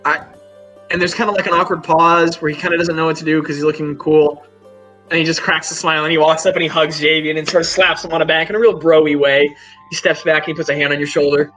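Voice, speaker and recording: Brief: male game master, slightly high voice, relaxed rambling narration, soft music under. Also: fast talker, low-quality recording. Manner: casual, rambling with fillers.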